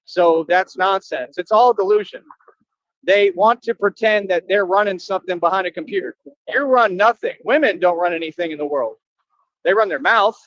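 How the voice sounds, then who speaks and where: A man's voice: sits high, fairly bright tone, no echo. A man streaming live, scolding and boasting at an online critic in a repetitive rant. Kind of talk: confrontational rant to viewers. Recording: dull lo-fi, dry.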